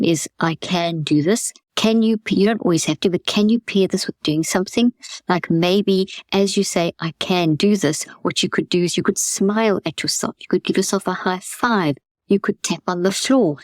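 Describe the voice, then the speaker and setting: A woman's voice: lowish voice, dry recording. Earnest woman coaching in a webinar. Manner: earnest, repeats and restarts words, gentle coaching tone. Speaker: podcast host teaching a mental health method. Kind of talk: webinar talk, explaining and coaching.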